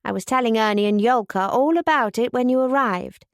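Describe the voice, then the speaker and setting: A woman's voice: on the high side, fairly quick, no room sound, studio quality, close to an everyday voice. A woman voicing an eager, bubbly young woman who gushes with enthusiasm. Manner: eager, gushing.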